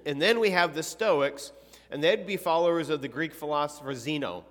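A man teaching a youth Sunday school class in a conversational way, asking his students questions and often clearing his throat. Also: on the high side, moderate pace. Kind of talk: casual Bible class teaching. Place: church classroom. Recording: long reverb in a hall.

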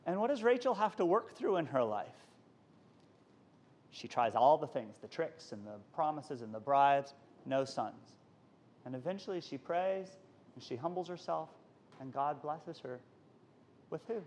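A man's voice: fairly high pitch, a little slow, pauses often. A man teaching a college Sunday school class on a Bible passage, talking conversationally and acting out the quoted lines. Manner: conversational, animated, acts out quotes.

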